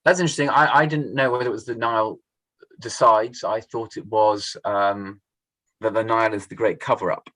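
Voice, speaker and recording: A man's voice: fairly low pitch, steady tone, normal speed, a bit bright, dry recording, poor audio. A man leading a Torah study class, thinking aloud, restarting phrases and putting questions to the group.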